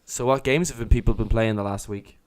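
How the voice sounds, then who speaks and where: A man's voice: medium pitch, a little fast, darkish tone. A man with an Irish accent hosting a podcast in casual chat, laid-back and prone to trailing off. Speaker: podcast host.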